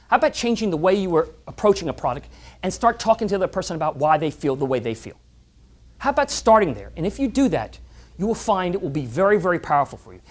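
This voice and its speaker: A man giving a motivational talk to a club audience, acting out voices in his stories. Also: sits high. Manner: animated, acts out quoted voices and stories. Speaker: motivational speaker. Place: club meeting room.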